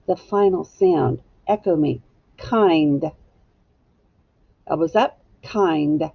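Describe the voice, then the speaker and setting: A woman teacher giving a patient, clearly paced phonics lesson to young children. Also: medium pitch, highs cut off.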